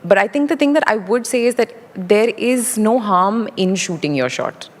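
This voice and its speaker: A young actress, appearing as a guest in an on-stage interview on a large indoor conference stage, answers questions thoughtfully and articulately, lively and laughing lightly. Her voice is medium-pitched at normal speed, and the event hall sounds reverberant.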